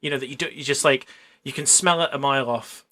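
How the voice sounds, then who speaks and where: A man, a paramedic, telling work stories in casual chat, animated and laughing, with the odd swear word. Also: mid-range voice, fast talker. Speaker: paramedic guest.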